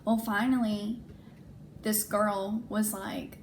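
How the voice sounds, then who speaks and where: A young woman chats through a personal storytime, switching into other people's voices as she quotes them. Her voice sits at an ordinary middle pitch. A faint hum of background noise runs under it. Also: takes it slowly. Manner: animated, acts out quoted dialogue, frequent "like". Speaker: vlogger. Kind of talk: casual storytime.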